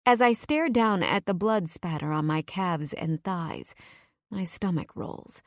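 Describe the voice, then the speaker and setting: A woman with a fairly low voice reads a romance audiobook in the first person. Her telling is close and emotional, and the recording is dry with no room around it. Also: unhurried, dry recording. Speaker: audiobook narrator.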